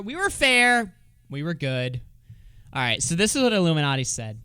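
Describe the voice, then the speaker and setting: A man's voice: fairly high pitch, big pitch swings, moderate pace, bright, forceful tone, clear, resonant tone, no echo, studio quality. A man doing casual livestream commentary, swearing freely and sarcastic, reading comments aloud. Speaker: streamer.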